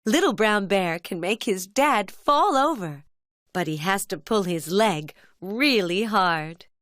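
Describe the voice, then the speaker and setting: A woman telling a children's cartoon story as narrator, in a gentle storybook manner. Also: mid-range voice, lively intonation, takes it slowly, no echo, studio quality.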